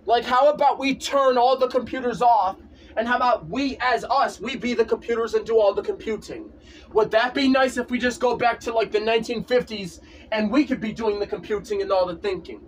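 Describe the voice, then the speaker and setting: A man's voice: very high-pitched, a little fast, far from the mic, a little hiss or hum. A man in a casual vlog, ranting insistently and repeating himself over and over. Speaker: vlogger. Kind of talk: casual rant to camera.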